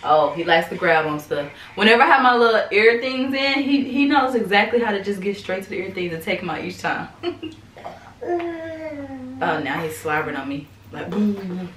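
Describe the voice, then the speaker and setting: A woman's voice: medium pitch, moderate pace, fairly bright tone, a little hiss or hum. A woman giving a casual vlog update as a mother, chatting to viewers and her baby at home. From United States. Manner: chatty, talks to baby between remarks. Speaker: vlogger mom. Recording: roomy, somewhat distant mic, faint ambience.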